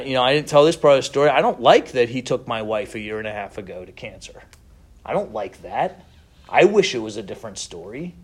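A middle-aged man preaching a sermon as pastor, earnest and conversational, with gentle laughs between thoughts. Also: medium pitch.

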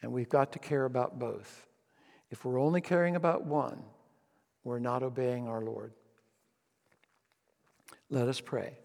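A man's voice: medium pitch, a little slow, gravelly, long pauses, a little mellow, in a large hall. A man preaching a sermon as pastor, telling a story with frequent ums and restarts.

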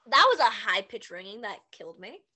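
Young woman, podcast co-host, squeaky, loud bursts, very lively pitch. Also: a little fast. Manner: loud, squeaky, swings between bursts and tired mumbling. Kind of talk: casual chat.

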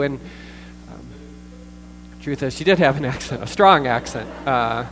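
A man preaching a sermon as pastor, earnest, with pauses, fillers and repeated words. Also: medium pitch, very animated, fairly bright tone. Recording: distant reverberant hall with mains hum.

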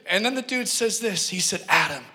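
A man preaching with a high, ringing voice, earnest and emphatic, and he often turns to the congregation with a joke. The sound carries a long reverb from a church hall. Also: normal speed, bright, forceful tone. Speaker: pastor. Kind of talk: sermon with personal storytelling.

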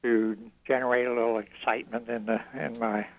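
A man's voice: medium pitch, flat delivery, fairly quick, dry recording. An older man calling into a radio show, talking in a rambling, hesitant, slightly fussy way. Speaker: radio caller. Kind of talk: call-in chat. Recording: dull call-in line.

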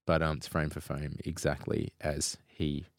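A man's voice: rumbling low, level tone, measured pace, gravelly, no echo, studio quality. A man co-hosting a podcast, sharing trivia in a chatty way with frequent ums. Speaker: podcast co-host. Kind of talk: casual podcast chat.

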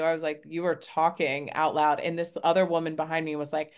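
A woman's voice: lowish voice, steady tone, a little fast, hardly any pauses, smooth. A woman co-hosting a podcast, telling a story in casual chat, acting out quotes with lots of "like" and casual swearing. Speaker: podcast co-host.

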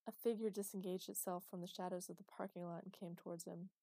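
A woman's voice: lowish voice, fairly even intonation, quick pace, few pauses, warm tone, dry recording. Woman reading a story, dry close sound. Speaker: narrator. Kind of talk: audiobook narration.

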